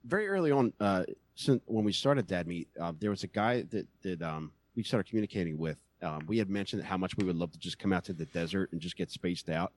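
Deep fast-talking podcast host, a man. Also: animated. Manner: fast, profane anecdotes. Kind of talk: casual chat.

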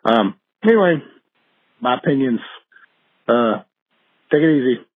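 A male caller leaving an easygoing, halting voicemail message full of fillers. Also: medium pitch, lively intonation, husky. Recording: tinny phone line.

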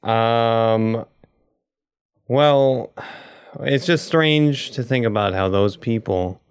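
A young man fumbles through his points on a casual podcast, then drops dry deadpan jokes. His voice sits at an average pitch. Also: extremely slow, clean tone, dry recording. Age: young adult. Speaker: podcast guest.

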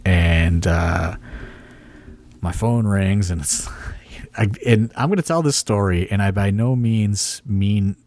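A man's voice: lowish voice, slow pace, darkish tone, no room sound. A man hosting a podcast and rambling through a story, full of "like" and "you know". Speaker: wrestling promoter and podcast host. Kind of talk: casual storytelling chat.

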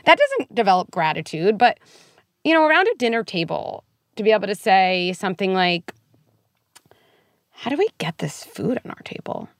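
A woman speaking as a guest on a podcast, talking quickly and with feeling about raising children. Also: mid-range voice, sing-song, dry recording, clean studio sound. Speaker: guest expert on parenting. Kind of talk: podcast conversation.

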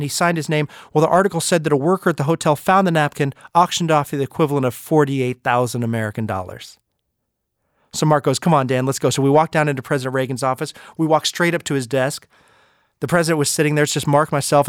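Animated podcast host telling stories. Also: male voice, on the high side, dry recording, clean studio sound. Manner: lively, animated storyteller. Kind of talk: anecdotal storytelling talk.

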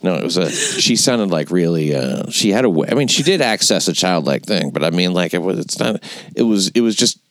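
Deep-voiced blunt, profane man. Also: expressive, a little fast, a bit bright, no room sound. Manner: blunt, profane, rambling with restarts. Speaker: podcast host. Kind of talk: casual crude chat.

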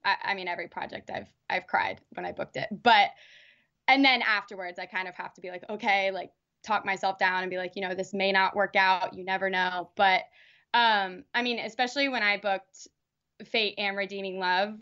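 A young actress chatting as an interview guest, rambling with lots of fillers and restarts. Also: female voice, medium pitch, steady tone, moderate pace, sharp tone, muffled recording. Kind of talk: casual interview.

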